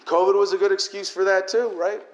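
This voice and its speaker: A man's voice: sits high, steady tone, brisk. Impassioned man ranting in an echoey hall. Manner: emotional, profane, ranting. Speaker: political speaker. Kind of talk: impassioned political speech.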